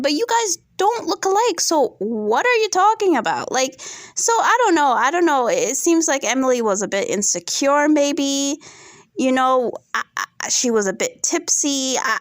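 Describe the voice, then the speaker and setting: A woman's voice: high-pitched, no echo, studio quality. A woman giving casual, opinionated commentary on a reality TV show, often checking in with her viewers. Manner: chatty, opinionated, asks "right?" often. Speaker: reality TV reviewer.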